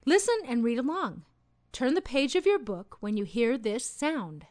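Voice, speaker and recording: A woman narrating a children's read-along storybook in an expressive, sing-song storytelling manner. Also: on the high side, moderate pace, no room sound.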